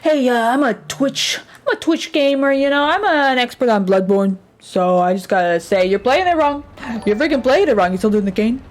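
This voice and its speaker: A woman voicing a nerdy know-it-all male gamer who talks down to people, halting with fillers. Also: fairly high pitch, lively intonation, close to an everyday voice. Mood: smug.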